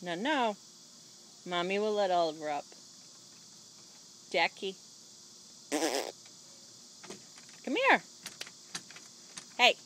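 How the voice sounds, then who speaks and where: A woman's voice: fairly low pitch, sing-song, drawn-out words, long pauses, fairly bright tone, a little hiss or hum. A young mother filming her toddler at home, coaxing him with sing-song baby talk from behind a handheld camera.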